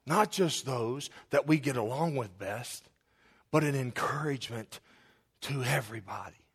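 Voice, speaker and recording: A man preaching a sermon as pastor, praying aloud with passion and swinging between loud cries and hushed whispers. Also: mid-range voice, a little slow, slightly rough. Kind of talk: sermon with spoken prayer.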